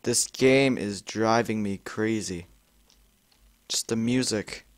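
A young man commenting on a frustrating video game he is playing, exasperated, swearing and yelling at it. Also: fairly low pitch, takes it slowly, dry recording. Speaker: gamer. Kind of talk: frustrated let's-play commentary.

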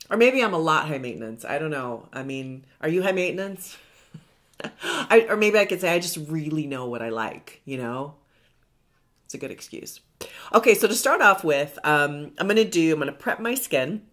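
A middle-aged woman hosting a makeup tutorial, chatting in a rambling, self-deprecating way as she works. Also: low voice. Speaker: beauty vlogger.

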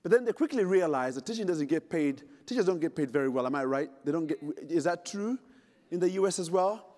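This is a keynote from a middle-aged man from Uganda, his voice on the high side with a darkish tone, lively intonation and a brisk pace. He spins a dramatic, humorous story while speaking directly to listeners in a large conference hall, and the audio has long hall reverb.

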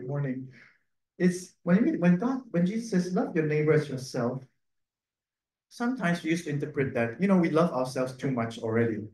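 A man's voice: on the high side, darkish tone. A male priest with a Filipino English accent giving a conversational sermon, full of laughing asides and "no?" tag questions. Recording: echoey room.

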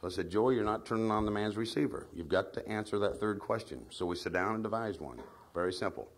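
A man's voice: on the low side, expressive, fast. A man giving a folksy training speech at a meeting, telling anecdotes and drawing the audience in with tag questions. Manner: tells anecdotes. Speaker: trainer of field staff.

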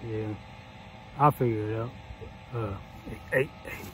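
A man's voice: fairly low pitch, a little slow, a little hiss or hum, rough recording. A man hosting a casual reaction vlog, laid-back and slangy, laughing often. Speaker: reaction channel host.

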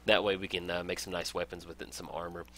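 A man's voice: deep voice, level tone, quick pace, a bit bright. A young man casually talking through a strategy game as a let's play host, upbeat and enthusiastic, laughing often. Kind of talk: casual game tutorial commentary.

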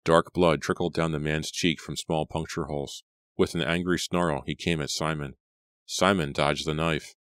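A man reading a horror audiobook in a measured, steady narration. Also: rumbling low, dry recording, clean studio sound. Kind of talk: scripted narration.

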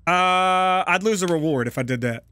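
A man giving casual, profane gameplay commentary, prone to loud excited outbursts. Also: high-pitched, moderate pace, clean tone. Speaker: gaming YouTuber.

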